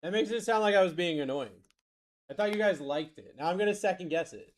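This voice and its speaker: Hosting a live card break stream, a man with a high, fast voice rattles off player names and reads the chat aloud as he answers it.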